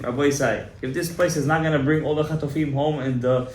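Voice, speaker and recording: A man giving a Torah class to a small audience, emphatic and exhorting, often rising to loud, fervent urging. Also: a little high, steady tone, fast. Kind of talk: animated Torah lecture to a live audience. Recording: echoey room, faint room noise.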